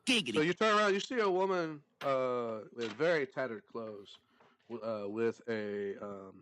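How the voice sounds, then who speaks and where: A man's voice: mid-range voice, unhurried, a bit bright, a little hiss or hum. Hesitant man running a tabletop game. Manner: hesitant, full of fillers. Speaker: game master.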